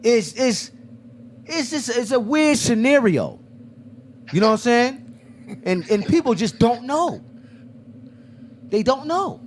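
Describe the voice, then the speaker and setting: A man's voice: very high voice, sing-song, takes it slowly, long pauses, a little hiss or hum. A man hosting a casual discussion, telling stories with lots of restarts and acting out quoted dialogue. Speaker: podcast host.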